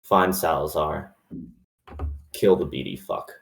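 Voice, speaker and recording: A man playing a defiant male elf who hates taking orders, speaking bluntly and in a measured way. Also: a bass voice, reverberant, voice pushed down, exaggerated voice. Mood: resolute. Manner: blunt, measured, gruff resolve.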